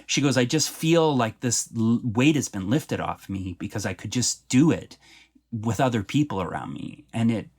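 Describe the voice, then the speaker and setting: A middle-aged man from Canada talks through a podcast interview in an ordinary mid-range voice. He tells personal stories earnestly and with real feeling. He becomes animated when he turns to laughter and tears. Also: medium pitch, normal speed, husky. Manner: earnest, heartfelt storytelling. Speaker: playwright being interviewed.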